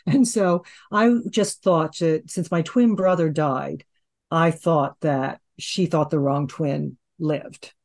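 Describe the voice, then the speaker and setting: A woman's voice: low-pitched, slow, a little mellow. A woman in her sixties, a hypnotherapist and interview guest, telling a long personal story in a rambling conversational way, with many restarts. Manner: rambling, with restarts and "you know".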